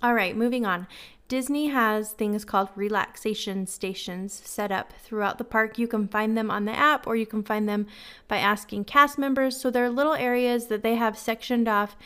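A woman's voice: a little high, steady tone, normal speed, bright, forceful tone, clear, resonant tone. A woman hosting a podcast, telling a candid, self-deprecating story in a casual, chatty way and giving friendly advice. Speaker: podcast host.

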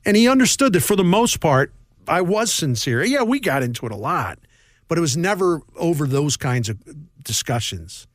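Animated middle-aged storyteller. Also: male voice, a little high, dry recording, studio quality. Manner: animated, quick bursts with restarts and laughs. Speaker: sports columnist, guest. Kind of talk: casual interview storytelling.

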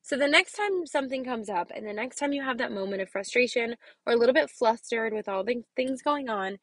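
This woman teaches kindergarten and hosts an easygoing motivational podcast; her voice is high-ish, expressive, brisk and a bit bright, with no echo. Emphatic throughout, she checks in with "okay?" repeatedly and lowers to a whisper for the important bits.

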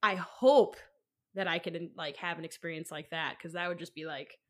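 A woman's voice: on the low side, normal speed, a bit bright. A young woman co-hosting a podcast, telling a personal story in a rambling, casual way, full of fillers and the odd swear word. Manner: rambling, full of likes and ums, swears freely. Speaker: podcast co-host.

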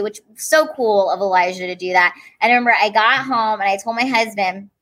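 A woman's voice: mid-range voice, a little fast, hardly any pauses. A woman comedian, a guest on an interview show, telling her stories casually and acting out what people said. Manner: animated, acts out quoted voices.

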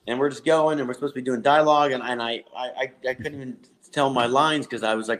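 A man, a comedian and podcast guest, telling anecdotes in a rambling, halting way, often restarting his sentences. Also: mid-range voice, a bit bright.

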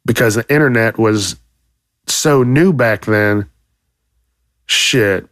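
A man hosting a podcast, delivering a profane comedic rant with loud, exaggerated outrage and plenty of swearing. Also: fairly low pitch, slow pace, no echo, studio quality. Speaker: podcast host.

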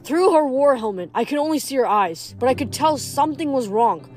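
A woman reading a novel aloud in a plain, steady way, stumbling now and then and correcting herself. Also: sits high, brisk, soft background music. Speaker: audiobook reader.

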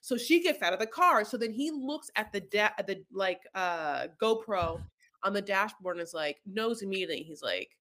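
A woman co-hosting a podcast, chatting through a reality-show recap in a lively, storytelling way. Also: mid-range voice, normal speed. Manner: animated storyteller, acts out the quotes. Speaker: podcast co-host.

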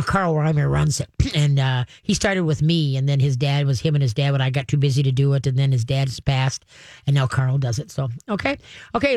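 A woman's voice: deep voice, a little mellow, no echo. A woman hosting a radio call-in show on dog training, chatty and laughing, often acting out voices. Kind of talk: radio call-in advice talk. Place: radio studio. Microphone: studio microphone.

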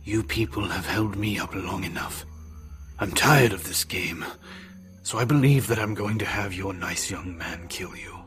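A man voicing a genial older male mad scientist turned fanatic, speaking softly and often in a whisper. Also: low-pitched, unhurried, faint music behind. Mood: menacing.

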